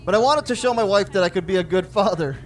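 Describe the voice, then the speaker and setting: A fast-talking man with a high voice performs stand-up comedy. He's in his forties, and his act consists of self-deprecating stories about his daughters in which he acts out what they say.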